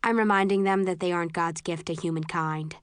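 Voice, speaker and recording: A woman voicing a blunt, sharp-tongued young woman in an audiobook, speaking wryly. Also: fairly low pitch, fairly even intonation, fairly quick, clean tone, dry recording, clean studio sound, close to an everyday voice. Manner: blunt, wry.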